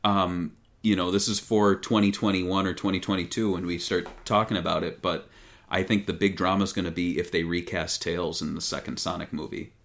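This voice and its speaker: A man hosting a casual podcast conversation, easygoing and playful, fond of imitating voices. His voice is low. The talk loosely wanders. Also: a little fast. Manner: relaxed, jokey, tries out voices. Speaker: podcast host.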